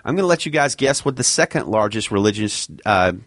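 A male podcast co-host and segment presenter from Alabama banters in casual chat, teasing, explaining topics and reading quotes aloud. His lowish voice is expressive, fairly quick and fairly bright. The studio sound is dry with no room echo.

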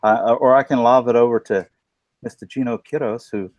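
A man's voice: medium pitch, steady tone, normal speed, a little mellow, no echo, dull audio. A man hosting a live web panel show, upbeat and loose, with many fillers and a slight drawl. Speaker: podcast host. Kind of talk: casual live panel chat.

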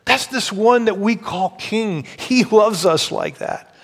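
A man with a high voice preaches to his congregation, retelling a story with animated shifts in pace and emphasis. His voice rings with the long reverb of a large hall. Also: slow pace, gravelly. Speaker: pastor. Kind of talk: sermon.

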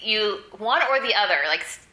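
A woman's voice: mid-range voice, expressive, normal speed, bright, forceful tone. A woman co-hosting a casual TV podcast, rambling with lots of "like". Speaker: podcast co-host. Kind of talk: casual chat. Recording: roomy echo.

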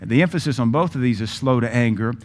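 Middle aged pastor preaching, punchy n emphatic, mid-pitched voice. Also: male voice, fast talker. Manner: emphatic, punchy lists of words. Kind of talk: sermon.

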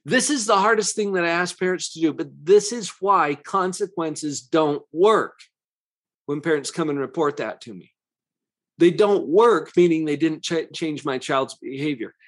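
A man's voice: fairly high pitch, animated. Earnest male podcast coach. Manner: earnest, explanatory, slows to stress key words. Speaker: parenting coach and podcast host. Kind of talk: podcast monologue.

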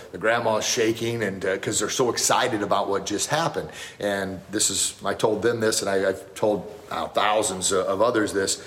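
A man who teaches martial arts, giving a motivational talk on a live stream, telling stories with lots of energy and reading out viewer comments as he goes. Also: fairly low pitch. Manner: animated storytelling, gets loud and excited acting out scenes. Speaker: martial arts instructor and podcast host.

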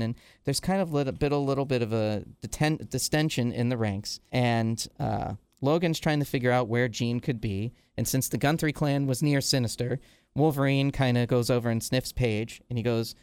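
A man's voice: medium pitch, normal speed, darkish tone, smooth, no room sound. A man casually retelling a comic book storyline with loose fillers, quoting the characters in his own voice. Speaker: podcast host.

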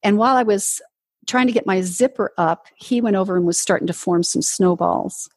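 A ministry leader appearing on an interview show shares her personal testimony, telling it earnestly and acting out the voices she quotes. Her voice is medium-pitched and husky at a moderate pace, with no room sound.

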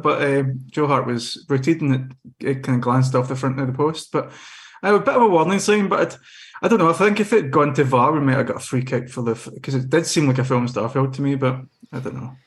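A man's voice: mid-range voice, fast talker. A young man on a podcast panel, talking football in a casual, rambling way with frequent restarts.

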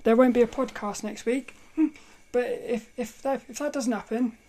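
A woman hosting a casual solo podcast, telling a story in a rambling, animated way, often laughing and restarting her sentences. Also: a little high, normal speed. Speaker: podcast host.

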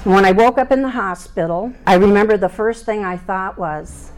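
A woman's voice: mid-range voice, normal speed, rough recording. A middle-aged woman giving her personal faith testimony, speaking earnestly and plainly, leading a prayer and telling her life story.

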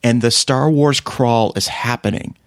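A man hosting a podcast in casual chat, telling a story with animation and leaping high in pitch when he quotes people. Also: unhurried, no echo, clean studio sound. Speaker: podcast host.

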